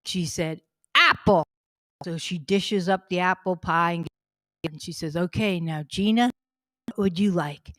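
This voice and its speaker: A woman's voice: fairly low pitch, measured pace, fairly bright tone, no room sound. A middle-aged woman telling casual comic anecdotes about her family at a fundraising stream, chatty and laughing through her own stories.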